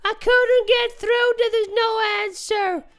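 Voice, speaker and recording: A man doing a cheerful farm woman with a shrill, sky-high voice. She drawls slowly in a sing-song way and happily gets her facts muddled. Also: steady tone, heavy background noise, heavily acted. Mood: doting. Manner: slow, sing-song, mixes things up. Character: dotty, cheerful farm woman who keeps an ice cream parlour. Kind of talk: improvised comedy role-play in a video game.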